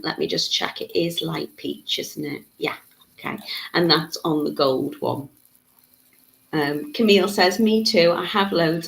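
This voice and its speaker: Woman, gravelly, low voice, chatty craft tutor, echoey room. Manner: chatty, reads out viewer comments, frequent ums. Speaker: jewellery-making tutor. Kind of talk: live beading tutorial.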